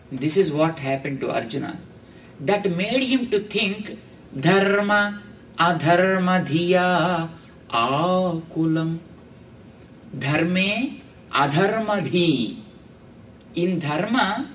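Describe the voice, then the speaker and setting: Slow-speaking Indian man giving a discourse. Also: high voice, fairly bright tone. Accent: Indian English. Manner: slow, explaining, with Sanskrit verses chanted and many "you know". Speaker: spiritual teacher giving a discourse. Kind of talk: religious discourse. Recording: distant mic with faint background noise.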